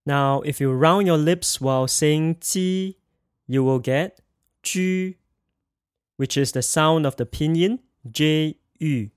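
Guy teaching pronunciation, fairly high voice, very dry close sound, goes slow and repeats stuff. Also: smooth. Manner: slow, careful, repeats sounds for students to echo. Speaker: language teacher. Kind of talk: pinyin pronunciation lesson.

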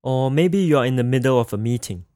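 A man's voice: mid-range voice, animated, a little fast, dark tone, no room sound, studio quality. A man teaching a language lesson in a careful scripted manner, saying each example phrase twice for practice.

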